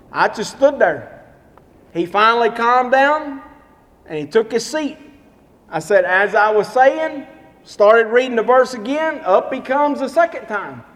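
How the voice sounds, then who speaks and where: A pastor preaching a sermon in a church, emphatic and repetitive as he tells stories and drives his points home. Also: extremely high pitch. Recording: long hall reverb.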